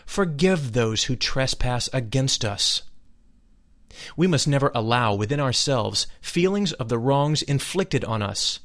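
A man giving a solemn, measured reading of a spiritual text, dwelling deliberately on each phrase. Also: mid-range voice, lively intonation, a bit bright. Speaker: reader of spiritual teachings.

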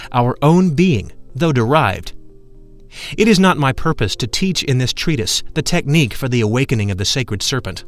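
A man narrates an audiobook in a solemn, measured reading, leaning on key words for emphasis. His voice sits at an ordinary middle pitch. Soft music plays faintly underneath.

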